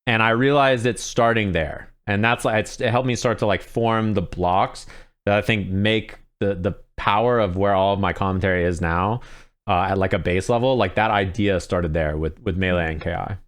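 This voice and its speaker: A man's voice: on the low side, fairly even intonation, moderate pace. A man, a fighting game commentator, talking candidly and in a laid-back way as the guest in an interview. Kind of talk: casual interview chat.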